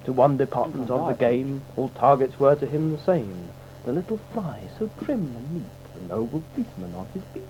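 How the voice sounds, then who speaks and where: A man's voice: mid-range voice, expressive, moderate pace, a little mellow. Man reciting mock-solemn comic verse. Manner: mock-solemn, theatrical delivery. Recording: dull, slightly noisy old recording.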